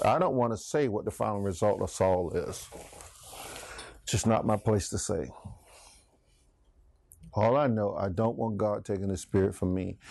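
A man's voice: lowish voice, creaky, darkish tone, no room sound. A middle-aged man teaching a Bible class in a folksy sermon style, asking the class questions. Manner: folksy, laughs often, asks the class questions.

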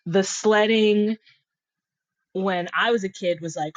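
A woman's voice: medium pitch, slow pace, dry recording, muffled recording. A young woman from Connecticut, a podcast guest telling a funny childhood story with lots of laughs and acted-out quotes. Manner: animated, laughs often, acts out her younger self. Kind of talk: casual storytelling chat.

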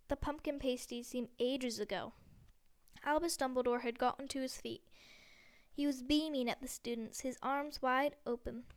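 A woman reads a storybook aloud in a steady, gentle way, now and then catching a small slip. Her voice is high and rings smooth and clear. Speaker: audiobook reader. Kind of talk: storybook narration.

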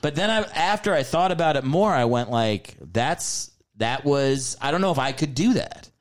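A man's voice: mid-range voice, moderate pace. A man guesting on a comedy podcast, telling stories in casual chat and acting out his own reactions. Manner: animated storytelling, acts out his own reactions.

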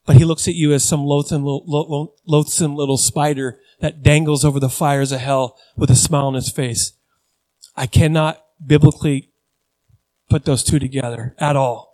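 A man's voice: on the high side, fairly even intonation, normal speed, a little mellow. A middle-aged male pastor preaching a sermon in an earnest, conversational way that builds to emphatic repeated lines.

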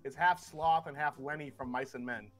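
Guy playing a tabletop game, joking around, slightly higher voice. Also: normal speed, faint music behind. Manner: joking, playful. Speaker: player. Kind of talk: casual tabletop play.

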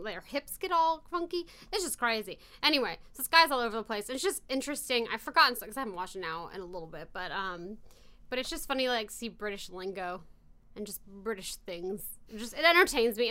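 A woman co-hosting a podcast, chatting casually and rambling through animated stories. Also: fairly high pitch, fairly quick. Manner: animated storyteller, rambling, often says "anyway". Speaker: podcast co-host. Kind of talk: casual chat.

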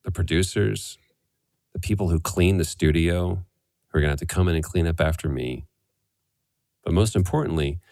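Man, 40s, deep and very expressive, dry close mic, casual podcast guest telling animated anecdotes. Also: creaky, no room sound. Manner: animated storyteller, swearing freely. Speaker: voice actor guest.

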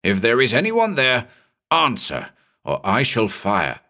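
A man reading a story, voicing a stern ship's captain who shouts orders into the fog. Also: low-pitched, expressive, moderate pace. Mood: shouting stern. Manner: shouting sternly, urgent commands.

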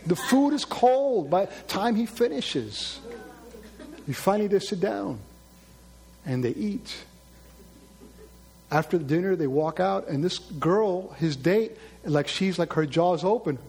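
A man's voice: high voice, lively intonation, takes it slowly, vocal fry, pauses often, darkish tone. A man preaching a sermon, telling a long joke story to his congregation and acting out the characters as he goes. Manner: storytelling, acts out characters, asks the congregation questions.

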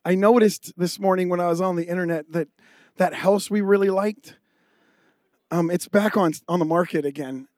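A sweet wife wheedles her husband over the phone for one pricey thing after another, as a man puts her on in a joke. The voice sits high and the sound is dry and close. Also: fairly even intonation, moderate pace, a little mellow, no echo, lightly acted. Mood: coaxing.

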